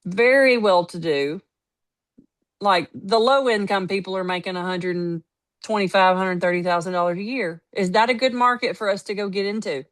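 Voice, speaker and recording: A woman's voice: medium pitch, normal speed. A woman giving a casual motivational talk, telling stories emphatically and acting out what others said. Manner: storytelling, quoting others, lively and emphatic. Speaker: network marketing team leader.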